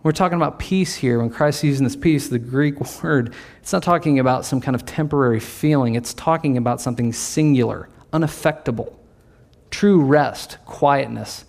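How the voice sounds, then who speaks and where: A male pastor delivering a casual, conversational sermon. His mid-pitched voice has a gravelly edge. He often slips into the voices of the people in his story. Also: normal speed, a little mellow. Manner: conversational preaching, acts out quoted voices.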